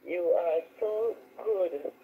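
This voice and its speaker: A caller praying slowly and earnestly over a phone on speaker. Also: medium pitch, narrow, tinny audio, slight background noise. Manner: slow, earnest prayer. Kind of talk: spoken prayer.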